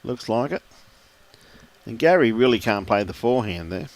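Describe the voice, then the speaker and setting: A man's voice: on the low side, expressive, normal speed. An older man co-commentating lawn bowls, full of matey banter. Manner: matey banter, says mate a lot. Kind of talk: live sports commentary.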